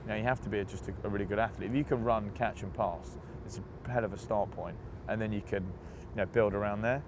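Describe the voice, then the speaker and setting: A man's voice: lowish voice, fairly even intonation, quick pace, background noise. A man from England, a rugby player, chatting as an interview guest, telling stories with laughs and mimicked voices. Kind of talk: casual interview chat.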